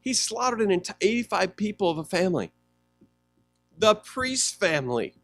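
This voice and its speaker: Male pastor, fairly high voice, animated sermon delivery. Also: normal speed, no room sound. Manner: conversational preaching, asks the congregation questions.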